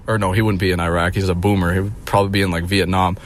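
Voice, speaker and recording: A man's voice: on the low side, fast talker. A young man in his twenties telling stories in a profane, rambling, mocking comedic rant.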